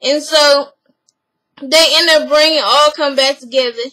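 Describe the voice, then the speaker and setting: A woman casually retelling a story in an animated, blunt, slangy way. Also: high voice, a little slow, rough recording. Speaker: vlogger recapping a reality show.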